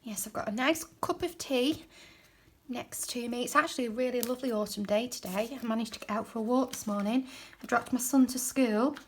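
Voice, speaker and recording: A woman talks easily at her craft desk at home, with a slightly high voice. She rambles as she works and drops into quiet mutters now and then. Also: a little fast, slight background noise. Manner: chatty, rambling, drops to soft mutters while working. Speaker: craft journaling creator. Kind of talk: casual crafting chat while working.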